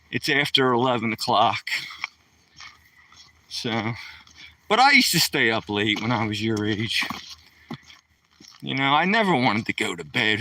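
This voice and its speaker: Retired Philadelphia man, slow bright chat. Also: mid-range voice, recorded from a distance. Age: older. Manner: chatty, greets viewers with playful "yo, yo, yo". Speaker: live streamer. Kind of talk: casual live-stream chat with viewers. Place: outdoors at night, walking a dog.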